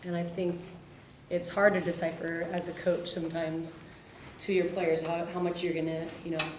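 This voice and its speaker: A woman's voice: lowish voice, little pitch movement, normal speed. A woman, a coach in the audience, adding a thoughtful comment to the discussion. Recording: echoey room with faint background noise.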